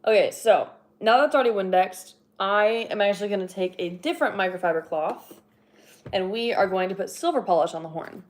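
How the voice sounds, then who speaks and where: On a casual livestream, a young woman who plays horn rambles along with plenty of fillers and easy laughter, sounding expressive at a fairly quick pace. Her middle-pitched voice carries a slight breathlessness, like she's been talking for a while.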